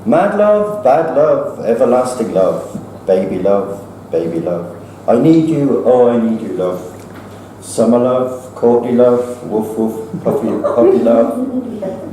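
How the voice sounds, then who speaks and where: A man performing his own poem at an open mic, chanting it rhythmically with big swoops up and down in pitch. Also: dark tone, a little hiss or hum. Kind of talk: performance poetry. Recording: echoey room from far off with faint ambience.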